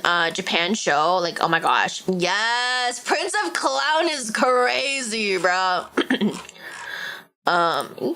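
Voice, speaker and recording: A woman streamer with a Valley Girl accent, her voice bright and sharp, sitting a little high and swinging widely in pitch. She chats casually and reads a game aloud, dropping "like" everywhere and breaking into excited outbursts. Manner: chatty, peppered with "like", sudden excited outbursts. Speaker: VTuber streamer.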